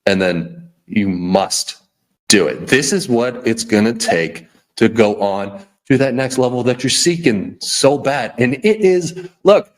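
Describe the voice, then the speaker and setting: Man, podcast host, motivational rant, blunt, preachy, repetitive, mid pitch. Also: expressive, slow pace. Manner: blunt, preachy, repeats himself with frequent "okay?" and restarts.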